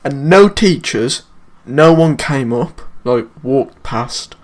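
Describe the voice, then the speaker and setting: A man's voice: mid-range voice, animated, slow. A man with a British accent casually telling a school story in slangy, swear-filled speech. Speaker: vlogger.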